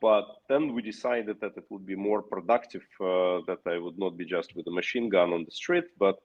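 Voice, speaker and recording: A man with a Russian accent, speaking English haltingly as a guest on a remote video call, with many fillers and restarts. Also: deep voice. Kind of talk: remote interview answers. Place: Kyiv. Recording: muffled lo-fi call audio.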